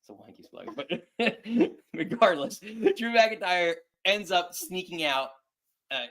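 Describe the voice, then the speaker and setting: A man hosting a casual wrestling chat show, talking in a rambling, halting way with frequent restarts. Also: high-pitched, animated, a bit bright. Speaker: podcast host.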